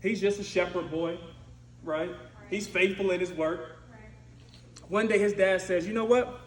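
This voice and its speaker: A man preaching a storytelling sermon in a lively, conversational way, often asking "right?". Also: high-pitched, a little slow. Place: church sanctuary. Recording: echoey church room with faint noise.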